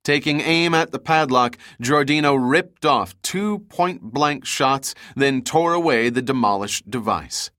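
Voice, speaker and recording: A man narrates a thriller audiobook in a bright, forceful voice. The sound is dry and close, with no room around it. His delivery stays steady and dramatic. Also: medium pitch, a little slow, hardly any pauses, dry recording. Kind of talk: scripted action narration.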